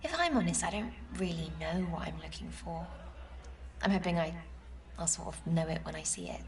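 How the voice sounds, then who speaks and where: A woman's voice: fairly low pitch, brisk, slight background noise, lightly acted. An actress playing a curious woman on a blind date, asking probing, lightly teasing questions. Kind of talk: dating game dialogue. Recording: distant game audio.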